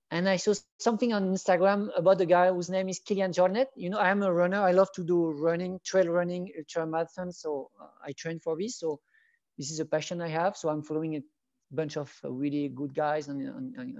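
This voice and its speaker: A man chats through a rambling, enthusiastic story, often restarting mid-sentence. His voice is warm and mellow. The audio is dry and a bit dull and lo-fi. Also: fairly high pitch, no echo. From France. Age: 40s. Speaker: wedding photographer, guest. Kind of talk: casual interview chat.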